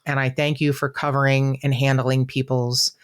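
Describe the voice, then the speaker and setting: A woman's voice: a bass voice, normal speed, smooth. A middle-aged woman from Southern California, co-hosting a podcast and telling a story in casual chat, swearing freely and acting out the other people's lines. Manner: animated storyteller, swears freely, acts out quoted voices. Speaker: podcast co-host.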